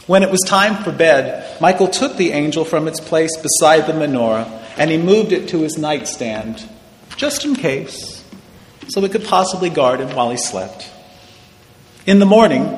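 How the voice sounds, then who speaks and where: A man reading a story aloud in a measured, expressive way, taking his time over the scenes. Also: a little high. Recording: echoey hall with long reverb and faint noise.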